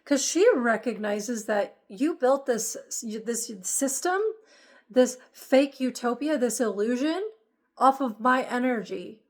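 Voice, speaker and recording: A woman's voice: a little high, expressive, slow pace. Fervent woman preaching spiritual warnings. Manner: emphatic, repetitive, preaching. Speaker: spiritual channel host. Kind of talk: impassioned spiritual monologue.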